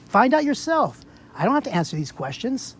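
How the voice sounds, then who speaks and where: A man's voice: extremely high pitch, big pitch swings, a little fast, a little hiss or hum. A man in a heated argument on a public sidewalk outdoors, confronting an officer with repeated rhetorical questions.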